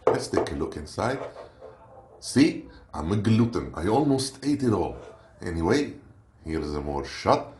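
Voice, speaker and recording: Low-voiced and sing-song, this man from Lebanon speaks unhurriedly with long pauses. As an unboxing vlogger, he rambles and jokes through a relaxed snack review, sometimes searching for the right word, and the audio has a roomy echo with faint background noise.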